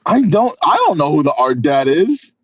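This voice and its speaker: A man's voice: fairly high pitch, very animated, moderate pace, dry recording, rough recording. Young male co-host, incredulous and slangy, very swingy voice, dry mic. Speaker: podcast co-host. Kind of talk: casual reaction chat.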